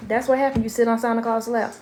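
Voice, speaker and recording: A woman's voice: on the high side, flat delivery, fast talker, darkish tone, a little hiss or hum. A middle-aged grandmother hosting a casual parenting live stream from home. She talks bluntly and chattily and keeps breaking off to talk to her grandson.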